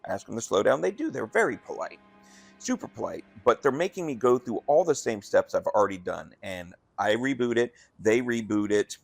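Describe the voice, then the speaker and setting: A man's voice: mid-range voice, expressive, a little fast, creaky, hardly any pauses, no room sound, soft background music. A man, a restaurant manager, telling a rambling story in a casual, conversational way while gaming, acting out the dialogue he quotes.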